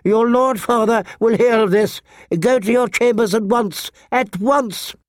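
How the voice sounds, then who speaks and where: A man's voice: very high voice, measured pace, no echo, studio quality, voice pushed up. A man voicing a stern, prim older woman who governs noble girls, scolding them in an audiobook reading.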